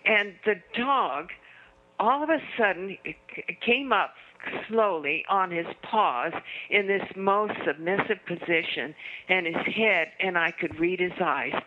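A woman's voice: on the low side, muffled recording. An older woman, a guest author, telling stories earnestly in a conversation. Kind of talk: storytelling in a conversation.

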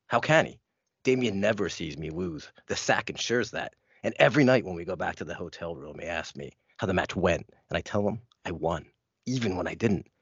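A man's voice: deep voice, breathy edge, no echo, highs cut off, heavily acted. A man playing a brooding wrestler with a pet snake, taunting his rival in a menacing, intense way.

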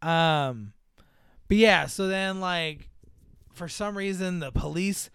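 A man's voice: sits high, takes it slowly, fairly bright tone, smooth, no room sound, studio quality. A man in casual chat, rambling and profane as he mocks a movie's plot. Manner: rambling, profane, mocking, acts out characters in voices.

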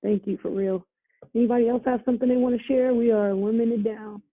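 A woman hosting a prayer line call, talking fast and affirming the callers. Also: a little high, steady tone. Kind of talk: casual faith call sharing. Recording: tinny phone line.

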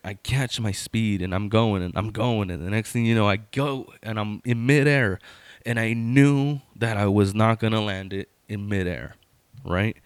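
A man in his thirties spins a casual story, circling back and restarting often. His voice sits on the low side, and the recording is dry and close with no room sound. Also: clean tone, dry recording. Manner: rambling, lots of fillers and restarts.

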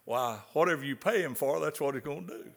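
Older Southern preacher in a reverberant hall. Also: male voice, a little high, expressive, fast talker, gravelly, fairly bright tone. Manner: folksy, repeats words, asks the audience questions. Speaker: pastor. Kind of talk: sermon. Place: large hall.

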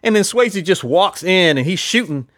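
A man's voice: high voice, expressive, normal speed, fairly bright tone, dry recording, clean studio sound. A man casually chatting as a podcast host, rambling with lots of fillers and restarts. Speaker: podcast host reviewing films. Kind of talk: casual chat.

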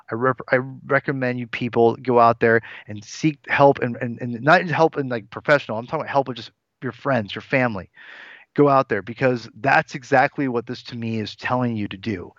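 A man's voice: mid-range voice, fairly bright tone, no echo. Man in his 40s on a podcast, earnest and rambly, keeps restarting sentences, kinda muffled dry audio. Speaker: podcast co-host. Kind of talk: casual podcast discussion. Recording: dull lo-fi dry sound.

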